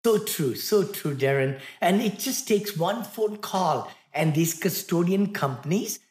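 A man's voice: high-pitched, expressive, measured pace, darkish tone, reverberant. A man in his sixties from India with an Indian accent, a cheerful guest who laughs often in casual chat.

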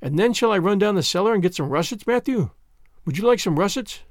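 A man's voice: high voice, lively intonation, quick pace, no room sound. An eager, dreamy girl, as a man reading a storybook puts her on, chattering on in long, earnest runs. Her voice swings freely up and down. The sound is dry and close.

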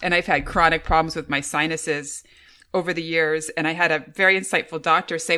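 A woman's voice: deep voice, fairly even intonation, fairly quick, sharp tone, clear, resonant tone. A woman co-hosting a podcast, sharing a personal story openly and expressively in casual conversation.

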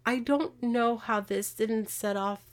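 A woman hosting a podcast, casually retelling a true-crime case with animated, exasperated asides. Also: a little high, slow pace. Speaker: podcast host.

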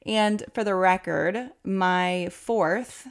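Her voice sits at a medium pitch with a clean tone, and she talks extremely slowly. This podcast host in her thirties shares a personal story with her audience, chatty and frequently laughing, becoming animated whenever she quotes others.

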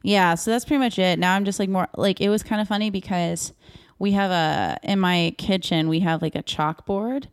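A woman's voice: medium pitch, fairly even intonation, normal speed, clear, resonant tone, no echo, studio quality. A young woman comedian telling candid, profane stories in a casual podcast chat, with lots of "like". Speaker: comedian guest.

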